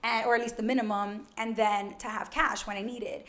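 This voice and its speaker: A loud, animated woman around thirty from Brooklyn chats quickly as an interview guest. Her voice sits a little high. The room gives it a roomy echo. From Brooklyn, New York. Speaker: guest, financial educator. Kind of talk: casual interview chat.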